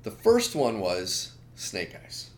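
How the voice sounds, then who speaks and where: A man co-hosting a podcast, ranting in an animated, opinionated way with lots of asides. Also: on the low side, takes it slowly, a little hiss or hum. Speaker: podcast co-host. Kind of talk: casual chat.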